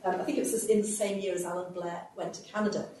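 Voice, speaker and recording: A woman history professor giving an academic lecture, telling emigrants' stories in a measured way with hesitant fillers. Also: medium pitch, fairly even intonation, dark tone. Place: lecture hall. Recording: very echoey hall, mic far off, faint hiss.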